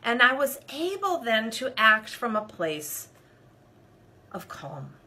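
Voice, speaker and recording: A woman coach telling a personal story straight to her viewers, animated and expressive, speaking to them directly. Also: a little high, slow. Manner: addresses viewers directly as "you guys". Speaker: leadership coach. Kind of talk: personal story told to camera.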